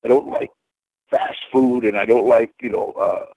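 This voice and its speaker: A man's voice: medium pitch, fairly even intonation, normal speed, creaky, warm tone, a little hiss or hum, low-quality recording. A man guest in an interview, telling casual stories in a rambling way, with many repeated words and fillers.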